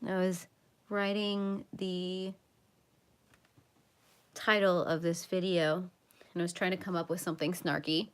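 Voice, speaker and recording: A woman's voice: lowish voice, level tone, measured pace, pauses often, clear, resonant tone. A young adult woman hosting a casual coloring livestream, chatting in a rambling, self-mocking way with lots of repeats. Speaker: livestream host.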